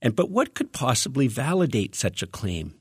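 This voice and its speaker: A man's voice: mid-range voice, sing-song, moderate pace, husky, no echo, clean studio sound. A man preaching a teaching sermon, reading scripture verses aloud and explaining them in an earnest, conversational way with frequent restarts.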